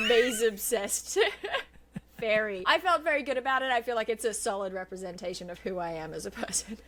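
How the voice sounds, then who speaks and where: A woman's voice: medium pitch, moderate pace, heavy background noise. A woman guest on a casual podcast, wry and self-deprecating, reading out an ad segment and laughing often.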